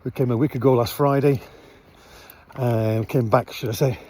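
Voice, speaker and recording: Standing by his van at night, a man casually vlogs, meandering and filling his speech with ums and the like. He has a mid-range voice at normal speed, with slight background noise.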